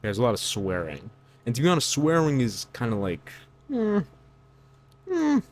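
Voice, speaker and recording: A man's voice: mid-range voice, wildly swooping pitch, normal speed. A man giving reaction commentary on song lyrics, incredulous and lecturing, with loose fillers and restarts. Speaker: online commentator.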